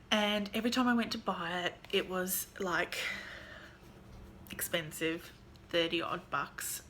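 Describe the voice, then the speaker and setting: A woman vlogger in casual chat, gushing and excitable as she shows off her haul, with lots of fillers. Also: mid-range voice, a little hiss or hum. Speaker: vlogger showing a tarot deck haul.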